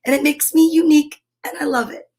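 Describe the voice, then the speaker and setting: Bubbly high-voiced woman, scratchy rasp. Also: fairly even intonation, brisk, a little mellow. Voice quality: scratchy, raspy voice. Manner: bubbly, enthusiastic, chatty. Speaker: live-stream story time host. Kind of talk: casual live-stream chat.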